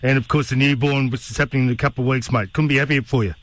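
A man's voice: medium pitch, fairly even intonation, rapid-fire, no room sound. An Australian man hosting a radio interview, upbeat and matey with his guest. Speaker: radio host.

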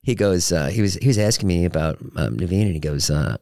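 Male podcast host, low and dry, chatty rambling storyteller. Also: quick pace, mellow, no echo. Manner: rambling, joking anecdotes with many fillers. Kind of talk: solo podcast chat.

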